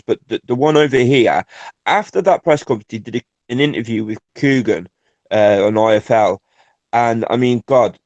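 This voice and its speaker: A man co-hosting a loose late-night boxing podcast, his pitch sitting in an ordinary middle range. He talks in an animated, profane way and jumps into quoted voices. The mic sound is dry and close, with no room around it. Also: no echo, dull audio. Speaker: podcast co-host. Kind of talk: casual boxing podcast chat.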